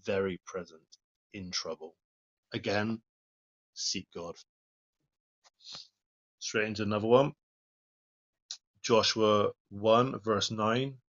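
A man gives a plain-spoken devotional talk in a fairly low voice. He reads scripture aloud and follows each verse with earnest comment. The recording is dull and lo-fi. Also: fairly even intonation, takes it slowly, pauses often, a bit bright. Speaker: lay preacher.

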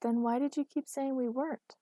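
A woman's voice: high voice, fairly even intonation, fairly quick, warm tone, no echo, clean studio sound, pitched above the performer's own voice. A woman voicing a quirky, cheerful young woman inventor who talks in a bubbly, earnest way. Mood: curious.

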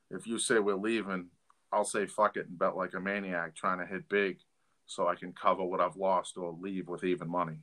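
Deep, bright-toned man telling blunt stories. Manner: candid, blunt storytelling with fillers and restarts. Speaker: podcast co-host. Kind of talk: casual podcast storytelling.

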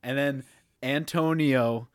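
A young man co-hosting a podcast, telling animated stories in casual chat and laughing often. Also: mid-range voice, takes it slowly, smooth, dry recording, studio quality. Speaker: podcast co-host.

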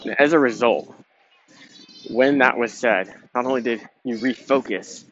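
A man's voice: medium pitch, measured pace. A young man hosting a podcast, talking in a casual, emphatic, motivational way with some swearing. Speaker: podcast host. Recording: dull lo-fi sound with faint noise.

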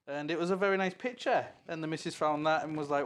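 A man's voice: on the high side, fast, a bit bright. A young man with a Hull accent, co-hosting a podcast and telling stories in casual chat, laughing and swearing freely. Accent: Hull English. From England. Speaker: podcast co-host.

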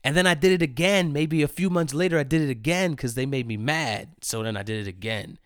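A man's voice: on the high side, brisk, clear, resonant tone, dry recording, clean studio sound. A man in his thirties hosting a casual solo storytelling show, laughing often and repeating phrases for effect. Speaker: host.

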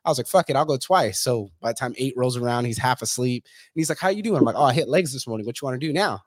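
A man's voice: mid-range voice, animated, fast, dry recording, clean studio sound. A man hosting a podcast in casual chat, blunt, swearing freely and saying "bro" and "dude". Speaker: podcast host.

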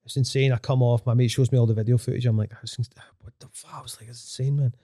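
A young man, a DJ guest, chatting casually in quick, rambling, profane talk full of fillers. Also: medium pitch, flat delivery, dark tone, no room sound, studio quality. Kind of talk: casual chat.

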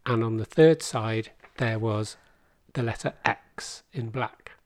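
A man's voice: fairly low pitch, slow, a little mellow, no echo. A man in his fifties, a podcast guest telling a long, rambling story with dry humour. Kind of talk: casual conversation.

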